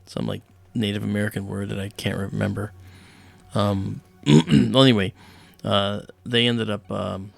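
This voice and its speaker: A man's voice: lowish voice, unhurried, vocal fry, no room sound. A man hosting a livestream, telling a personal story casually and animatedly, acting out the voices of people in it. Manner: animated retelling, acts out quoted voices. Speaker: livestream host.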